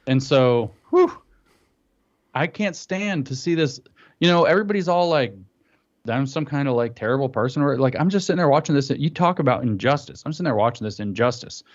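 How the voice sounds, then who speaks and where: A man telling an animated story in casual chat, acting out what others said. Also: a little high, a little fast. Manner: animated storytelling, acts out quotes. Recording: dull lo-fi audio.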